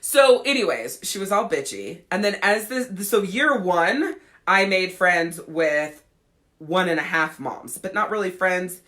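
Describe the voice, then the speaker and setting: A woman's voice: fairly low pitch, lively intonation, measured pace, fairly bright tone. A woman in her thirties, a podcast host telling a personal story in a blunt, profane, frank way. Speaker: podcast host and life coach. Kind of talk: casual storytelling.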